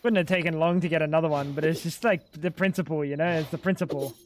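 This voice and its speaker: A man's voice: fairly high pitch, fairly even intonation, fast talker, slight background noise. A young man streaming a game at home on a desk microphone, rambling and joking to his chat with plenty of swearing. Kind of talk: casual gaming stream commentary.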